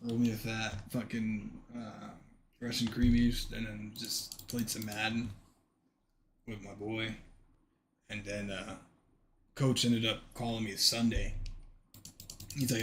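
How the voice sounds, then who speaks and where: A man's voice: fairly low pitch, steady tone, a little slow, long pauses, a little hiss or hum. A man streaming a game, telling a story casually and animatedly, swearing freely and acting out the dialogue.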